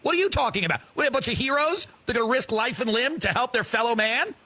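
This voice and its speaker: Dude ranting and cussing, high husky voice, bounces all over in pitch. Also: male voice, lively intonation, fast. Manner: loud swearing rant, acts out rich people in mock voices. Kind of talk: comedic rant.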